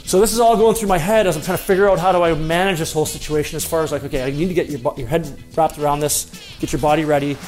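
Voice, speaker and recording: A man recounts an anecdote from his playing days, his voice sitting a little high. He tells it in a lively, self-deprecating way. Faint music plays underneath. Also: very fast. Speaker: former pro hockey player telling a story. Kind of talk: personal anecdote storytelling.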